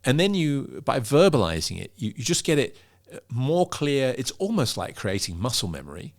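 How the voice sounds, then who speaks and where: A middle-aged man, a pitch coach, explaining in an interview and demonstrating vocal emphasis. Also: big pitch swings, moderate pace. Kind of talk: interview conversation.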